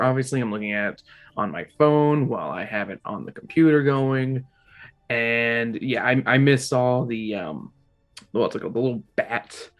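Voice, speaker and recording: A man giving a casual, rambling review with frequent restarts and casual swearing, recorded at home in an apartment. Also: mid-range voice. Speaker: book club host ranking covers.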